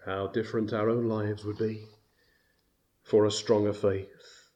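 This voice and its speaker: A man preaching a sermon, slow and deliberate, rising to loud emphatic bursts on key words. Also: on the low side, flat delivery.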